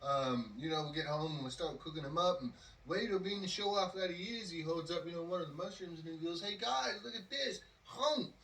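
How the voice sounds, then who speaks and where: Telling a story on his podcast, this man rambles with plenty of fillers and acts out quotes. His voice is high-ish and bright, delivered briskly with few pauses, picked up from far off in a roomy space with slight background noise.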